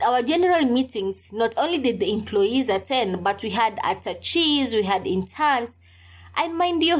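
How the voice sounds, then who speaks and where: Young woman, solo podcast host; higher voice, candid, emphatic storyteller. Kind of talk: casual solo podcast talk.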